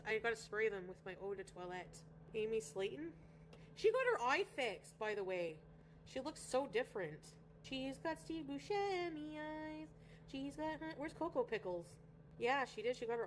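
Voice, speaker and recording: A woman's voice: medium pitch, slight background noise. A woman from Canada chatting casually on a livestream, rambling and greeting viewers by name. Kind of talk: casual livestream chat reading viewer comments.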